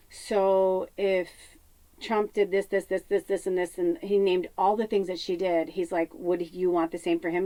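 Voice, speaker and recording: A woman from telling a rambling story in casual, profane talk, drifting between lively bursts and hushed asides. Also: on the low side, low-quality recording. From Chicago. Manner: rambling, profane, animated, drops to hushed tones. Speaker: spiritual medium and host.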